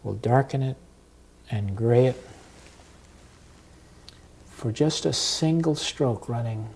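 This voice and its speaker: Slow, calm male painting instructor. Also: medium pitch, creaky, breathy edge. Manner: slow, unhurried and calm, with pauses while working. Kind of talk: step-by-step painting demonstration.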